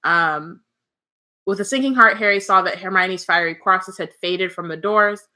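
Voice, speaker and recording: Bright-voiced woman podcast co-host. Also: mid-range voice, normal speed. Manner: laughs often, swears, many "um" fillers. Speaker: podcast co-host reading the chapter. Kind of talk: casual chat and book reading.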